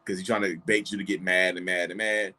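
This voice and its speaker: A man hosting a casual live-stream chat, animated, laughing often and acting out little quoted voices. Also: deep voice, fairly quick. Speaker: host.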